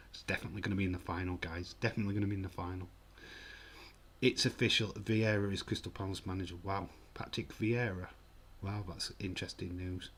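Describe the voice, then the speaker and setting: A man's voice: deep voice, fairly even intonation, quick pace, fairly bright tone. A man streaming a live football watch-along, chatting casually and rambling with frequent restarts. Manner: rambling, self-correcting, chatty.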